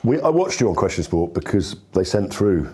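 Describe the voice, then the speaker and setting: A man's voice: sits low, sing-song, a little fast, darkish tone, breathy edge. A man in his fifties hosting a podcast, rambling genially through anecdotes and introducing his guest. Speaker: podcast host. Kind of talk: casual chat.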